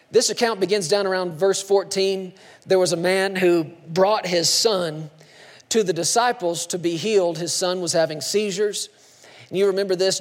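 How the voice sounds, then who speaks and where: A male pastor preaching a sermon with emphatic, dramatic swings between hushed lines and shouts. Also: high voice, in a large hall.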